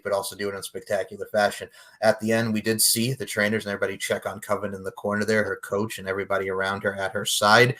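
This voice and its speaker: Bright, hyped man recapping fights. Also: lowish voice. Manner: hyped, jokey recapper who chants song lyrics. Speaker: podcast host. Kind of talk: play-by-play recap chat.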